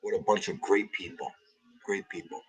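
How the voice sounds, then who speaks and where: Livestream host, husky New man, middle-aged, grieving, warmly greeting his regulars. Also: on the low side, huge pitch swings, normal speed, rough recording. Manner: emotional, heartfelt, greets viewers by name. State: grieving, tearful. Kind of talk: casual livestream chat greeting viewers.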